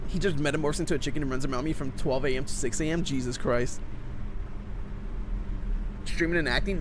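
A man streaming a horror game live, excitably chatting with his viewers as he plays. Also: a little high, background noise. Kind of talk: live gameplay commentary.

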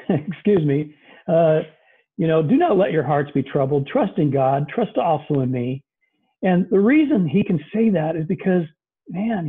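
A man's voice: a little high, slightly rough. A man preaching a sermon over a video call, talking in an earnest, conversational way with many fillers. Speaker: pastor. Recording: tinny lo-fi video call audio.

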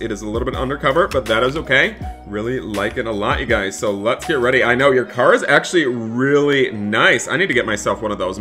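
A man narrates his game role-play with bright, forceful energy, excitable and chatty, forever calling out to the viewers. Faint music plays underneath. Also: mid-range voice. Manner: upbeat and excitable, keeps addressing viewers as guys. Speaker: gaming YouTuber playing a barista.

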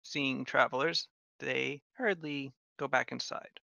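Gravelly-voiced game master, halting. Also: male voice, medium pitch, fairly even intonation, bright, forceful tone, no echo, dull audio. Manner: hesitant, many ums and uhs. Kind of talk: narrating a tabletop game.

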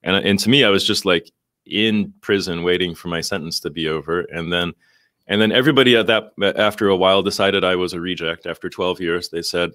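Man, guest, low voice, dry sound, reflective, casual chat. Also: fairly even intonation, a little fast, fairly bright tone, no room sound. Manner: reflective, with many restarts and fillers. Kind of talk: casual podcast conversation.

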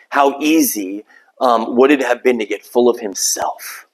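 A pastor preaching a sermon in a conversational, self-deprecating way, acting out little quoted voices along the way. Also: male voice, medium pitch, a little slow, low-quality recording.

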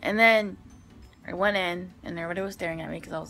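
Bright-voiced woman chatting to camera. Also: lowish voice, steady tone, fast, vocal fry, soft background music. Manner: rambling, filler-heavy storytelling. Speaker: vlogger. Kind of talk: casual chat to camera.

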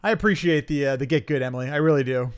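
A man's voice: mid-range voice, rapid-fire, clear, resonant tone. A man live-streaming a retro game, chatting with viewers and laughing at his own mistakes. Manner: animated, laughing, self-deprecating, talks to chat. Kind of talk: live gameplay streaming chat.

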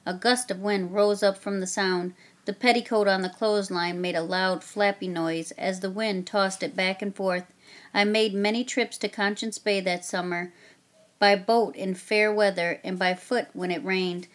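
A woman narrating a children's historical story in a steady, plain reading voice. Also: medium pitch, normal speed. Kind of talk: reading a children's book aloud.

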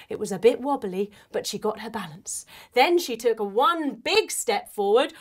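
A young adult woman telling a playful children's story while guiding a yoga class, with expressive delivery and movement cues. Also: a little high, normal speed, hardly any pauses. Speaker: kids yoga teacher and storyteller.

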